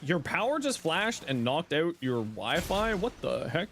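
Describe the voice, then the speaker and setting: A man's voice: a little high, big pitch swings, measured pace, fairly bright tone, a little hiss or hum. A young Canadian man with a Canadian accent, chatting casually on a game livestream, swearing freely and laughing often. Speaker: game streamer.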